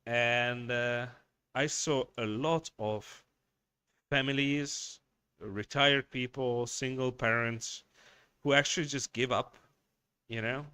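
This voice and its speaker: A man's voice: medium pitch, steady tone, slow pace, pauses often, pushed and bright, smooth. A man from Hungary with a Hungarian accent, hosting a craft shop livestream and chatting bluntly. He swears a lot and rambles with many restarts. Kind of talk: casual chat, ranting. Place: workshop.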